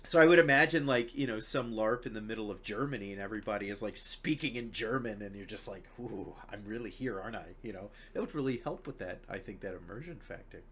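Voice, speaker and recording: A man hosting a casual podcast chat, chatty and laughing often, sometimes dropping to a low murmur. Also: expressive, fast talker, few pauses, fairly bright tone, slight background noise. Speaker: podcast host.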